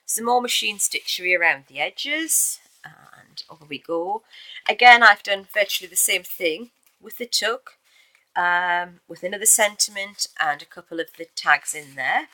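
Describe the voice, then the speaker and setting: Showing a handmade journal of her own making, a woman chats casually, using fillers and correcting herself here and there in a show-and-tell video. Her mid-range voice is expressive, unhurried, and pushed bright, and the audio is poor but has no echo.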